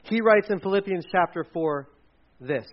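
In a lo-fi recording, a man with a voice that sits high preaches at a moderate pace in church. He's an animated storyteller who performs the quotes he relates.

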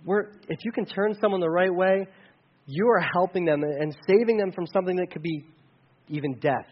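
Male pastor, high voice, casual sermon delivery, lo-fi dull recording. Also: normal speed. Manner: conversational preaching with dynamic rises and drops.

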